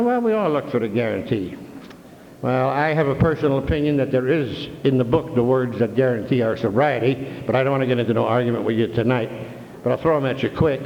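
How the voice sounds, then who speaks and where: An older man telling a humorous story to a convention audience, folksy and full of "you know", on a dull 1993 hall recording. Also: on the high side. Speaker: recovery meeting speaker.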